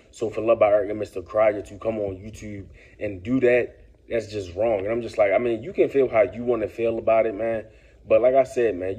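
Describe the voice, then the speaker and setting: Chill guy ranting on his vlog, kinda husky, warm low-key tone, keeps saying man and bruh. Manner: laid-back, lecturing, peppers talk with "man" and "bruh". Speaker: commentary vlogger. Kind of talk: casual commentary vlog.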